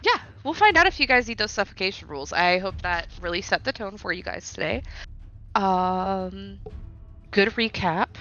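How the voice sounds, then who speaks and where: Bright-toned woman dm rambling through a recap, low-ish voice, muffled lo-fi sound w/ soft music. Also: lively intonation. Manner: chatty, self-deprecating, quick asides. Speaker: dungeon master. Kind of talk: casual game-master chat and narration. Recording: dull lo-fi audio with faint music.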